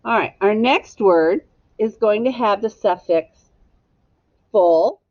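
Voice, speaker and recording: Slow, patient woman teaching phonics. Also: mid-range voice, no room sound, lo-fi sound. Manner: slow, patient, spells words out sound by sound. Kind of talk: phonics lesson for young children.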